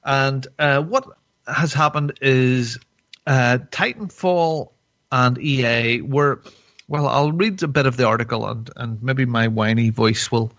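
A man's voice: mid-range voice, measured pace, fairly bright tone, no echo, highs cut off. Rambling, joking man podcast host. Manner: rambling, joking, with frequent fillers and restarts. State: tipsy from wine. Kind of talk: casual chat.

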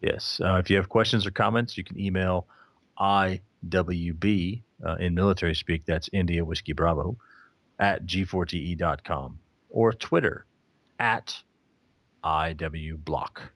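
Podcast host, low voice, dry mic, laid-back plugs and shoutouts. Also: male voice, moderate pace, no room sound. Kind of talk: casual podcast chat. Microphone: new microphone.

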